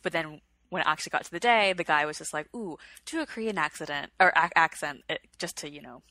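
A chatty woman co-hosting a podcast, retelling a story at length in a casual way. Her voice is bright and slightly low. The recording is dry and close. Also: fairly even intonation, fast, no room sound. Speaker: podcast co-host. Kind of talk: casual chat.

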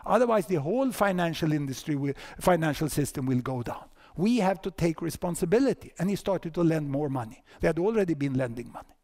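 A man in his sixties with a Swedish accent, lecturing at a conference and telling a story with lively asides and repeated words. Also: on the high side, fairly quick, hardly any pauses. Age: 60s. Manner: animated storyteller, frequent "huh?" and "you know" asides, repeats words. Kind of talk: conference talk. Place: conference hall with audience.

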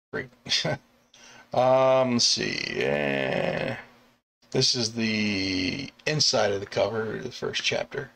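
A middle-aged man, a comic artist and bus driver, chatting casually on a live stream, rambling with restarts and chuckles and acting out quoted lines in sudden high yelps. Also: normal speed, fairly bright tone, a little hiss or hum. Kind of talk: casual live-stream chat about artwork.

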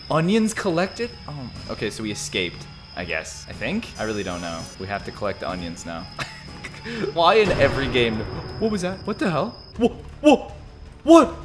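A man's voice: wildly swooping pitch, moderate pace, music in the background. Jumpy young man calling a horror game. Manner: jumpy, yelps and shouts at scares, then mutters low. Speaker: gaming video host. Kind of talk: excited gameplay commentary.

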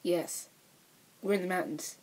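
A woman improvising plush-toy play acting, bossy and teasing, swinging from loud orders to mumbles. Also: on the low side, fairly even intonation, unhurried.

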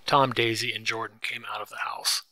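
A man narrating a simplified novel in a clear, steady storytelling voice. His tone is very bright and forceful. The recording is dry, with no room sound. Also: lowish voice, moderate pace, no room sound, rough recording. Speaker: reader.

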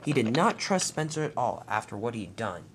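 Amateur storyteller with a lively pitch. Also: background noise. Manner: plain, hurried, with slips and restarts. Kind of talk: amateur toy-train story narration.

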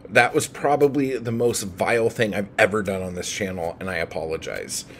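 Irritated male book vlogger, lowish voice, unhurried and profane, with a faint background hum. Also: lively intonation. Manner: agitated, heavy swearing. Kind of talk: profane rant to camera.

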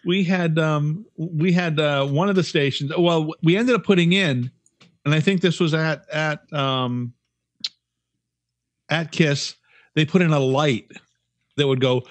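A man's voice: fairly high pitch, unhurried, pauses often, no echo. A man in his fifties, a former radio broadcaster, telling profane, rambling stories while co-hosting a podcast. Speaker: podcast co-host. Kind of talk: casual chat.

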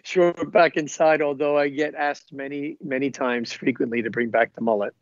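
A man's voice: mid-range voice, steady tone, moderate pace, no echo. A middle-aged man from the United States, talking as a guest in an upbeat, rambling way. The sound is dry and a touch dull, like a remote call. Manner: enthusiastic, rambling anecdotes. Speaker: guest, former professional footballer. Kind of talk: casual interview chat.

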